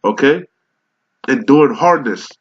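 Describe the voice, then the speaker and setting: This sick street preacher's voice sits at a medium pitch, unhurried but with lively intonation, over slight background noise. Hoarse with a cold, he reads old English scripture aloud in an angry, profane sermon of rebuke, captured in dull lo-fi quality.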